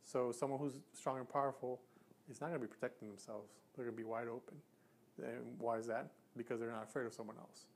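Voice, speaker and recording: A man coaching An earnest man explains habits and how to fix them, talking straight to the camera in a plain, mid-pitched voice. He often breaks off and restarts his sentences as he demonstrates. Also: steady tone, fast talker, a little mellow, slight background noise. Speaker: communication coach. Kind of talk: instructional talk to camera.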